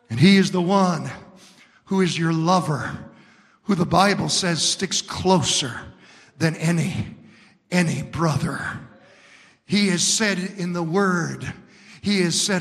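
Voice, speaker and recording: A male pastor preaching an emphatic sermon built on repeated lines, moving from shouts down to hushed words. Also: fairly high pitch, slow, vocal fry, big-room sound.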